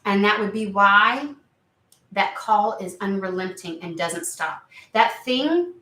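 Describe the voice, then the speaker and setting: A woman's voice: medium pitch, lively intonation, slow pace, pushed and bright, reverberant. A woman giving a casual tarot reading, chatty and emphatic, who swears now and then. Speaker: tarot reader.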